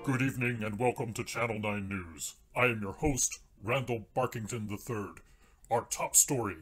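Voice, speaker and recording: A man's voice: mid-range voice, slightly rough. A man playing a pompous TV news anchor. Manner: formal, deadpan newsreader delivery.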